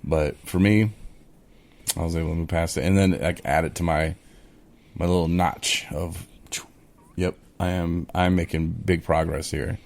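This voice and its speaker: A man's voice: low voice, steady tone, a little slow, vocal fry, darkish tone. A man co-hosting a podcast in casual chat, full of "you know" fillers, acting out his own replies as he retells them. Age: adult in recovery, speaking of early sobriety. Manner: conversational, with many fillers, acts out his own quoted replies. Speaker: podcast co-host.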